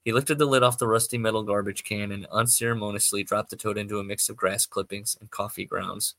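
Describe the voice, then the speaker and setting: Guy reading someone's story aloud, stumbles a lot, bright dry voice. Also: lowish voice, steady tone, brisk, vocal fry, dry recording. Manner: rambling, stumbling, self-correcting. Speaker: podcast host. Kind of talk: reading amateur fiction aloud, with asides.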